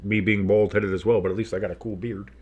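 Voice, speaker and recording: A man's voice: on the low side, little pitch movement, a little mellow, husky, dull audio. A man calling a game play-by-play as a fan commentator, rambling and joking with profane asides, saying he has had too much coffee. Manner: says he is talking fast on too much coffee.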